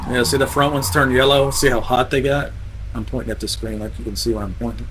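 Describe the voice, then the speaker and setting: A man's voice: medium pitch, steady tone, fast, fairly bright tone, a little hiss or hum, rough recording. Man explaining race car setup on stream. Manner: explains car setup while teasing other players. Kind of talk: live-stream gameplay commentary.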